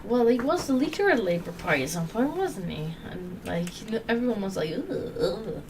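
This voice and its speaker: A woman's voice: medium pitch, big pitch swings, brisk, recorded from a distance, noisy background. A woman hosting a casual gaming chat, ranting in exasperation and swearing freely. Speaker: podcast host.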